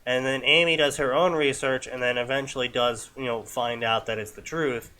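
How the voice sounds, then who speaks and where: A man's voice: medium pitch, fairly even intonation, moderate pace, bright, forceful tone. A young man co-hosting a comedy fanfiction reading, commenting in an exasperated, incredulous way. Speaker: co-host reading fanfiction aloud.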